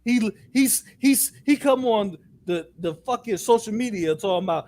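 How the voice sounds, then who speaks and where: High-voiced animated man venting. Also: normal speed, few pauses. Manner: animated, profane, mimics people. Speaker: co-host. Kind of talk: casual chat.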